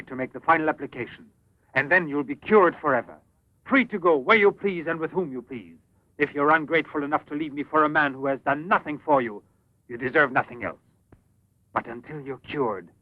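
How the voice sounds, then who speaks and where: A man's voice: a little high, no echo, natural voice. An actor playing a possessive male scientist in a dubbed 1950s film, speaking intensely, pleading one moment and commanding the next. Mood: coaxing. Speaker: professor. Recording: dull lo-fi old film soundtrack.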